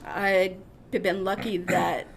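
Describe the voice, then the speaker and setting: A woman guest on a podcast, casually telling a story from her life and acting out the people in it with lively quoted voices. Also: medium pitch, slow pace, gravelly, background noise. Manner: animated, acts out quoted voices.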